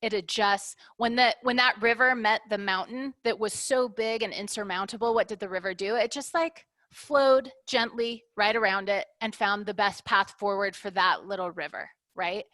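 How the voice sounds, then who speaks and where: This business owner, a middle-aged woman, talks at a moderate pace with hardly any pauses, in a medium-pitched, fairly bright voice on a dry recording. Candid and reflective in the interview, she builds her points with analogies and tends to close them with "right?".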